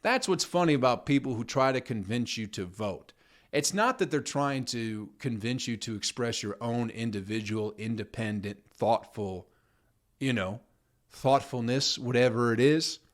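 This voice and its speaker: A man's voice: mid-range voice, lively intonation, moderate pace. A man hosting his own podcast, ranting with heavy swearing and mocking put-on voices of other people. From United States. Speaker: podcast host. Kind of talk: profane comedic rant.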